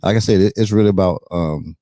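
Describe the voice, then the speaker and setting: A man hosting a podcast interview, lively and playful in a casual studio chat, peppering his talk with "you know what I'm saying.". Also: sits low, quick pace, no room sound. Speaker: podcast host.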